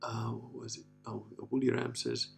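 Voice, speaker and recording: A man's voice: medium pitch, little pitch movement, normal speed, vocal fry, darkish tone, breathy edge, soft background music. A man hosting a casual livestream, reading out viewer comments and rambling on in a profane, offhand way with lots of filler words. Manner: rambling, profane, full of "you know" and "like".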